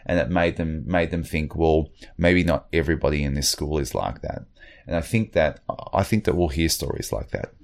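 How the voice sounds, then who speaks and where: A man's voice: very deep voice, moderate pace, creaky, a little mellow. A middle-aged man talking in an interview, hesitant, with many fillers and restarts. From Australia. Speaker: guest. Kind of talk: reflective interview talk.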